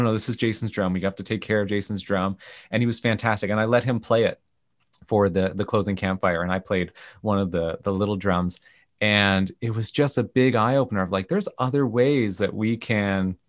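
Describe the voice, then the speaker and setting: Low-voiced man telling camp stories. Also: dry recording, studio quality. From Canada. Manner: animated retelling with quoted voices. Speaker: guest, camp CEO. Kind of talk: storytelling in a podcast interview.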